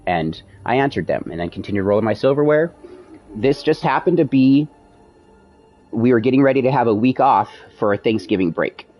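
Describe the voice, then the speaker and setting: A man's voice: medium pitch, brisk, muffled recording, soft background music. A man streaming, casually telling a long personal story, acting out the dialogue with plenty of swearing. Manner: animated, profane retelling with quoted dialogue.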